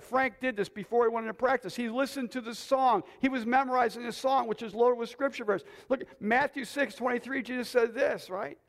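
Man, preacher, very high voice, gravelly, excited near-yelling sermon, long church reverb. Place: church sanctuary with congregation.

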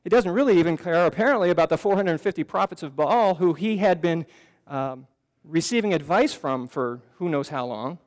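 A man's voice: on the high side, animated, normal speed. A man giving an earnest, conversational sermon as pastor in a church sanctuary, often restarting his phrases. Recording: long reverb of a church hall.

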